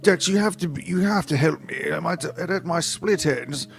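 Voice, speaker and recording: A man's voice: on the high side, normal speed, gravelly, soft background music, pitched above the performer's own voice. A man voicing a panicky, fussy male mascot who pleads frantically in a storybook reading. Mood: pleading.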